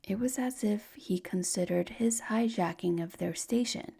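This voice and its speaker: A woman narrating a sleep story as whispered role-play, in a slow, soft, breathy whisper. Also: mid-range voice.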